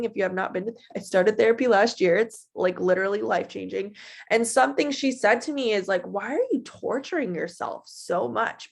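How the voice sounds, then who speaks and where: Young woman in her 20s talking to her team, animated and chatty, motivational vibe. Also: mid-range voice, gravelly. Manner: animated and chatty, acting out her own past voice. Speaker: team leader giving a talk. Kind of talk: casual motivational talk.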